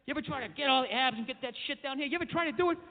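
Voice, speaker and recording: A man performing a stand-up comedy set, ranting in a brash, profane way that builds to shouting. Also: extremely high pitch, rapid-fire. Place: comedy club stage. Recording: tinny, phone-like club recording with long reverb.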